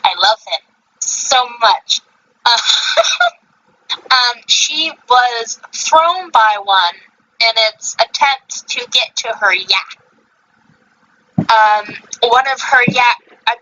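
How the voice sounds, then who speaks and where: A woman's voice: fairly high pitch, pushed and bright, highs cut off. A woman hosting a podcast in casual chat, rambling with many fillers and self-corrections. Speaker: podcast host.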